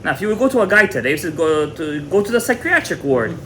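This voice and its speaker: A man's voice: fairly high pitch, big pitch swings, fast, fairly bright tone, a little hiss or hum. A man teaching a Torah class as a rabbi, retelling a story dramatically, repeating words and mixing in Hebrew terms. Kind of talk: animated storytelling lecture.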